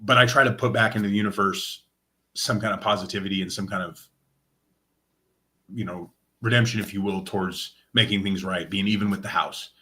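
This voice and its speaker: A man's voice: on the low side, a little fast. A man from Oregon, a guest in an interview, telling his story casually and acting out quoted dialogue. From Lane County, Oregon. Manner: animated retelling, acts out quoted dialogue. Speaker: interview guest, nonprofit director of operations.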